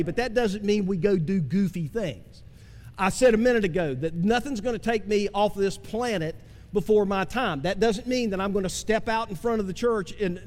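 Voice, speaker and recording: A man preaching a sermon as pastor, swinging from impassioned cries down to slow, low emphasis. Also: a little mellow. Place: church sanctuary. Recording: long hall reverb.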